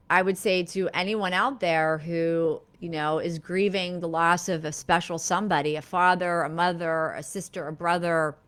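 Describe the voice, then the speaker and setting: A middle-aged woman therapist hosting a live-streamed talk, speaking gently and reflectively, with many fillers and restarts. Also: fairly low pitch, smooth. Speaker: therapist and live show host.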